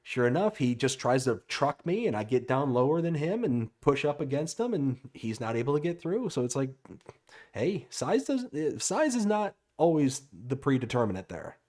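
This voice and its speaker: A man hosting a livestream chat, telling stories in an animated way and asking easygoing questions. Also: medium pitch, normal speed, few pauses. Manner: animated storyteller, asks easy questions. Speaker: host.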